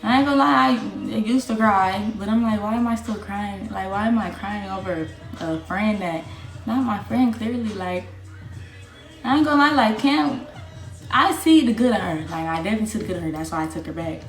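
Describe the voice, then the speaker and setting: A woman's voice: medium pitch, brisk. Young woman streamer, ranting bluntly on a livestream, profane and defiant; recorded in an echoey room with faint music. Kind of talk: livestream rant.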